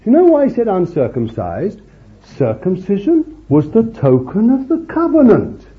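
A man retells a Bible story as an informal sermon, chatty and homely, with plenty of asides. His pitch rises and falls with animation. The recording is dull and lo-fi. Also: huge pitch swings, normal speed. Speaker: preacher.

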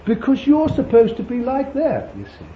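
A man preaching a conversational sermon, rambling warmly with chuckles and fond asides to his listeners. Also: extremely high pitch, huge pitch swings, moderate pace. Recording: dull lo-fi recording with faint hiss.

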